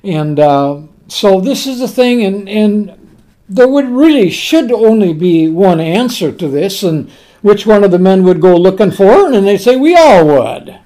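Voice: mid-range voice, animated, unhurried, warm tone. A preacher delivering a sermon on a parable in a folksy, conversational way, repeating key words for emphasis.

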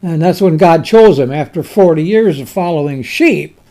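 A man preaching a sermon and reading scripture in King James wording. He speaks emphatically, with dramatic pauses and sudden swings between loud and soft. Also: fairly high pitch, expressive.

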